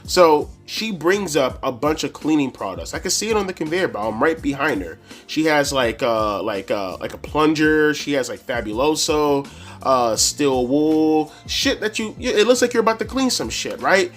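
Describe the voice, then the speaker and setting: A man telling a casual, profane story to camera as a wrestling reviewer, animated and full of slang. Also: fairly high pitch, moderate pace, faint music behind.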